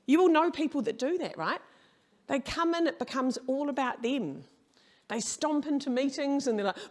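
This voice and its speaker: A woman's voice: high-pitched, lively intonation, moderate pace, darkish tone. A middle-aged woman giving a humorous keynote talk, brash and storytelling, swearing casually. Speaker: keynote speaker. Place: conference hall.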